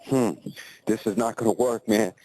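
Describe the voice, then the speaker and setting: A man's voice: fairly low pitch, fairly even intonation, moderate pace, mellow, lightly acted, rough recording. A man doing a pleading young worker. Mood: worried.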